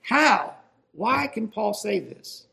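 A man's voice: high voice, sing-song, slow, vocal fry, pushed and bright. A man preaching a sermon, emphatic and building in intensity as he stresses his points.

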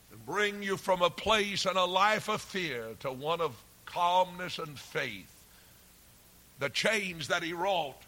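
A man preaching an earnest, folksy sermon, swinging from hushed, drawn-out phrases to forceful shouts. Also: high voice.

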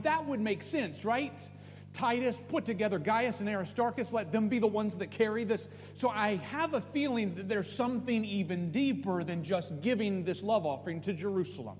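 A man's voice: high-pitched, expressive, moderate pace, a little mellow, long reverb tail, a little hiss or hum. A man preaching a sermon as pastor, building to emphatic, rising questions.

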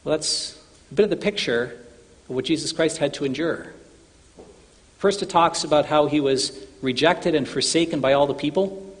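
A man's voice: fairly high pitch, normal speed. A man preaching an earnest sermon, addressing his listeners as brothers and sisters, with long hall reverb.

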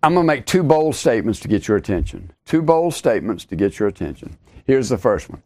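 A man's voice: medium pitch, sing-song, quick pace, darkish tone. A middle-aged man preaching a podcast sermon, emphatic, repeating his key lines and rising sharply on exclamations.

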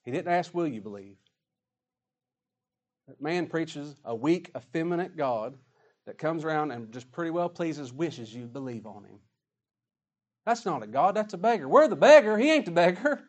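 A man preaching a sermon emphatically, swinging between loud declarations and hushed asides. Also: fairly high pitch, expressive, normal speed.

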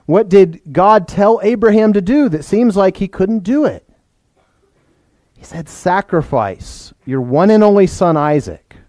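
Pastor guy preaching, kinda high mellow voice, asks the kids stuff, dry sound. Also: no echo. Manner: explains plainly, asks the children questions. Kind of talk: sermon.

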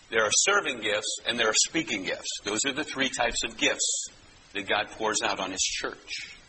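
A man's voice: lowish voice, noisy background. A man preaching a sermon as pastor, teaching in a conversational way with frequent asides to his listeners.

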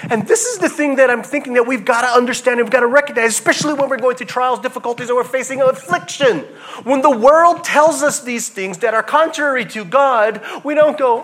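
A male preacher delivering a sermon in an impassioned, emphatic way, swinging between quiet reflection and loud emphasis. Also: extremely high pitch, expressive, normal speed.

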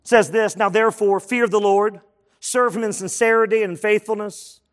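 A man's voice: high-pitched, steady tone, moderate pace. A male pastor preaching a sermon to men, emphatic and conversational, asking the congregation questions.

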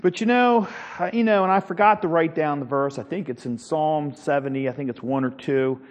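Male Sunday school teacher, high-pitched, earnest and rambling, quizzes the class, echoing hall. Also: a little fast.

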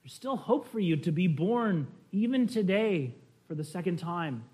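A man preaches a sermon from the pulpit. His voice sits a little higher than most men's, and he speaks earnestly, turning often to address his listeners directly. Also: animated, moderate pace, a little mellow, breathy edge. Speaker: pastor. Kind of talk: sermon with storytelling.

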